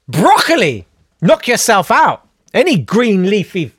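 Male podcast host, very expressive pitch, dry close-mic sound, wry and theatrical. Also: unhurried, no room sound. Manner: animated, self-deprecating, reads messages aloud with mock-dramatic voices. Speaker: podcast host reading listener messages. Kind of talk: casual chat.

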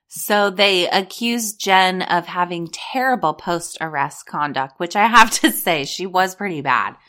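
Blunt, sarcastic woman commentator, lowish voice. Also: a little slow, few pauses, a bit bright. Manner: blunt, sarcastic, swears freely. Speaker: reality TV commentator. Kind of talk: casual commentary, reading court documents aloud.

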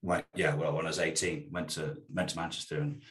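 A man's voice: extremely low pitch, little pitch movement, brisk, a bit bright. A man in his thirties from South West England, chatting in a rambling, self-deprecating way on a podcast. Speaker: podcast co-host. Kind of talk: casual chat. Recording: roomy echo.

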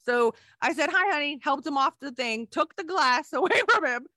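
A woman's voice: high-pitched, animated, normal speed, sharp tone, no echo, studio quality. A middle-aged woman, a nurse, telling her story candidly in an emotional, rambling way with many restarts. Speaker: guest, nurse.

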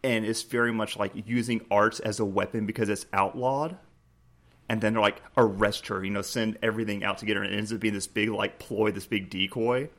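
Choked up and laughing, a man retells a moment from a game for his casual gaming podcast, acting out its prompts with lots of restarts. He co-hosts the show, speaking briskly in a voice on the low side.

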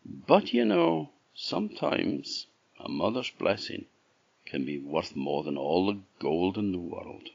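A man's voice: deep voice, very animated, slow pace, vocal fry, a little mellow, slightly rough, dull audio. A man from Orkney with a Scottish accent telling a folk tale in a chatty way, with asides to the listener. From Orkney, Scotland. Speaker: storyteller.

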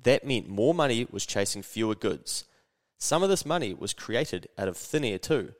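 A man with a New Zealand accent hosting a podcast, telling a story in a slangy, animated way and swearing casually. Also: lowish voice, moderate pace, long reverb tail. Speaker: podcast host.

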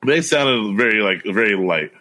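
A man's voice: on the low side, lively intonation, moderate pace, sharp tone. A man co-hosting a casual wrestling chat, teasing and correcting his co-host. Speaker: podcast co-host.

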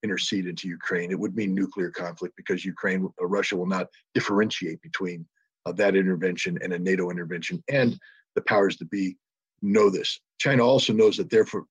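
A man answering a question on a panel, giving measured analysis with many pauses and fillers. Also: low-pitched, breathy edge, no echo. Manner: measured, many ums and uhs. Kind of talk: analytical commentary.

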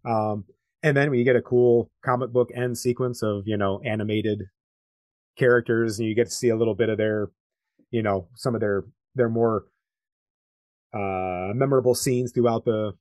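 A man's voice: fairly low pitch, fairly even intonation, moderate pace, a little mellow, dry recording. Rambling man co-hosting a film podcast. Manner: rambling, many fillers and restarts, laughs along. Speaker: podcast co-host. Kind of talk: casual film discussion.

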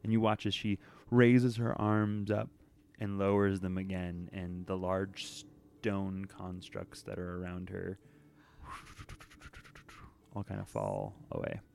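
A man's voice: sits low, takes it slowly, gravelly, a little hiss or hum. A man running a tabletop game as game master, describing scenes and giving rulings. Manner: relaxed, descriptive narration with rulings. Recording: light background music.

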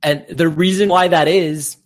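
A man's voice: on the high side, steady tone, measured pace. Confident upbeat Canadian male guest. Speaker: guest speaker. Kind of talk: casual podcast interview.

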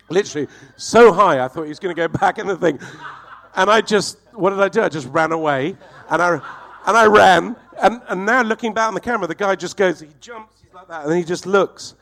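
Comedian guy, kinda high voice, swearing a lot and laughing through a story. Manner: profane, animated, laughs while telling. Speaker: comedian guest. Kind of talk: anecdotal storytelling.

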